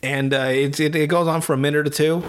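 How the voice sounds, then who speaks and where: Casting note: slightly high-voiced man, casual podcast host, swears freely and acts out every scene. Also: fast talker, a little hiss or hum. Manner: animated, profane storyteller with voices and laughs. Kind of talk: casual chat, retelling a cartoon plot.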